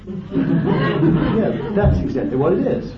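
A man's voice: high-pitched, animated, drawn-out words, a loud crowd, very noisy. Fervent male preacher on old tape. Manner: fervent, swings from loud exclamations to hushed asides. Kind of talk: sermon. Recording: roomy, distant, dull lo-fi tape recording.

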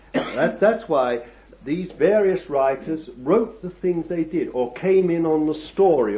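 A man preaching a sermon, with drawn-out emphatic phrasing and asides to the congregation that build to forceful preaching. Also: fairly high pitch. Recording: dull lo-fi sermon recording.

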